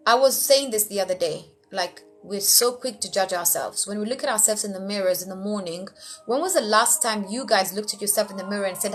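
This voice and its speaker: A woman emcee giving motivational life tips in casual talk, frank and animated, sometimes acting out quoted voices. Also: mid-range voice, brisk. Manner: frank, blunt, lightly profane.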